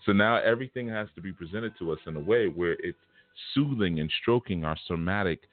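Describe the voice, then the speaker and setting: A man in his fifties giving a conversational spiritual lecture, reflective with animated asides. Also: low voice, brisk, soft background music. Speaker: spiritual teacher. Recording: tinny phone-like line.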